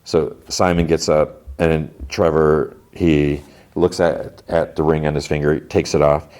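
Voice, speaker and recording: Male podcast host, low voice, loose and chatty recap style. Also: flat delivery, measured pace, a little mellow. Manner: chatty, retelling scenes with "he's like". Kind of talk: casual episode recap.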